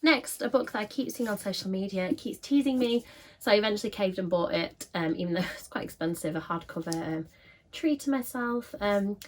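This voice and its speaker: A woman's voice: mid-range voice, brisk. A woman with a scratchy voice, chatting casually to camera as a book vlogger with frequent filler ums.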